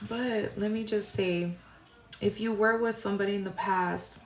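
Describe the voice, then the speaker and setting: A woman's voice: medium pitch, steady tone, moderate pace, slight background noise. A woman giving a casual tarot reading to viewers, rambling and searching for words, sounding tired. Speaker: tarot reader. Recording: roomy echo.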